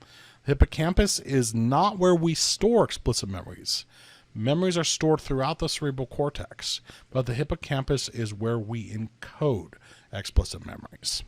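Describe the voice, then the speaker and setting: A man's voice: mid-range voice, lively intonation, normal speed, no echo. A man lecturing on psychology, telling a story and checking in with the listener as he explains.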